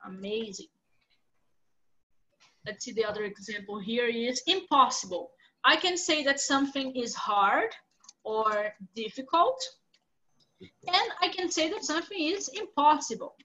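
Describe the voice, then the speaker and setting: A woman's voice: sits high, lively intonation, measured pace, bright, forceful tone, rough recording. A woman English teacher with a Brazilian Portuguese accent, patiently explaining vocabulary with examples in a live online class.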